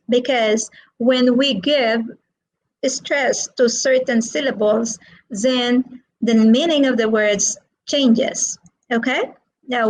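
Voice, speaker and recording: A woman teaching an online English lesson, asking the class questions in a slow, drawn-out teaching manner. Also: a little high, poor audio.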